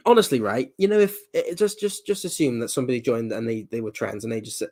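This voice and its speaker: Fast-talking man in casual chat. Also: mid-range voice. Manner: animated, swearing, acts out quoted voices. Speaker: nurse.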